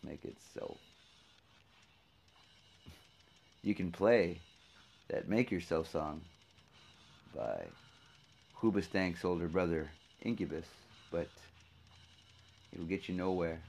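A man's voice: deep voice, slow pace, gravelly, pauses often, a little mellow, a little hiss or hum. A man hosting his own show in a casual, rambling monologue, swearing freely and joking sarcastically. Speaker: podcast host.

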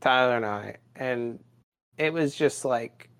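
A man's voice: mid-range voice, slow, fairly bright tone, smooth. A young man co-hosting a casual podcast, telling rambling, profane stories and acting out his own rants. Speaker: podcast co-host.

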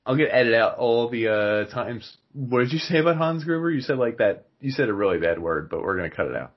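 A man's voice: medium pitch, animated, fast, dull audio. A man co-hosting a podcast in casual comedy chat, riffing playfully over the top. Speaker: podcast co-host.

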